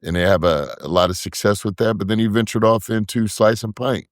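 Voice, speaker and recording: A man with a very deep voice talks casually as a podcast guest. He often repeats a word or two while he hunts for a name. The sound is dry and close, with no room around it. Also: fairly quick, no room sound. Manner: relaxed, repeats words while searching for names. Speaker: podcast guest, brewery co-founder. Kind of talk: casual interview talk.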